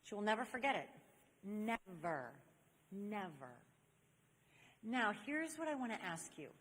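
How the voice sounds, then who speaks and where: This chastity speaker from Saint Louis, USA has a slightly high, husky, somewhat bright voice with big swings in pitch, and she talks fast. She gives an inspirational talk to a live audience in a large convention hall, telling lively stories and speaking straight to the crowd, with echoey hall reverb on the recording.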